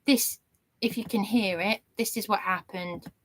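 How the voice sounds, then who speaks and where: Slow, aggrieved woman vlogging. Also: mid-range voice, steady tone. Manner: indignant, rambling. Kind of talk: aggrieved monologue to camera.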